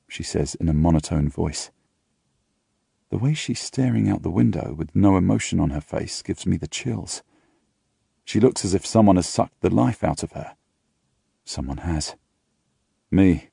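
A man reading a first-person novel aloud in a steady, intimate storytelling manner. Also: deep voice, unhurried, gravelly, long pauses, husky, dry recording, clean studio sound. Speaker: audiobook reader.

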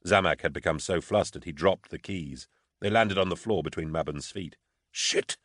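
Deep-voiced man narrating steadily. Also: normal speed, no echo, studio quality. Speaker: audiobook narrator. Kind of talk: scripted narration.

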